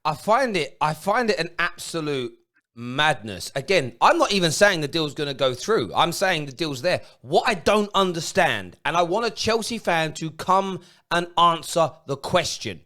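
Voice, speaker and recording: Man, high lively voice, ranting football host. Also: normal speed. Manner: ranting, swearing, shouting at fans. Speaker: football talk show host. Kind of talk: fan phone-in chat.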